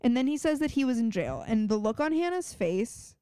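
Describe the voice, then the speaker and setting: A woman's voice: a little high, very animated, a little fast, mellow, clean tone, no room sound, studio quality. A woman co-hosting a podcast, recapping a TV episode in blunt, casual chat with some swearing. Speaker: podcast co-host.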